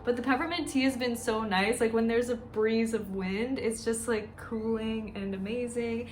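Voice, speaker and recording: A woman's voice: a little high, steady tone, normal speed, a little hiss or hum. A woman who works as a dietitian, talking candidly and emotionally in a chatty personal vlog.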